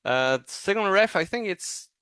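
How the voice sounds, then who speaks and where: Guy giving animation notes, clear smooth voice, dry close mic, thinks out loud, kinda halting. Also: sits high, lively intonation, dry recording. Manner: thoughtful, halting, encouraging. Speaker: animation reviewer. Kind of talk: casual teaching critique.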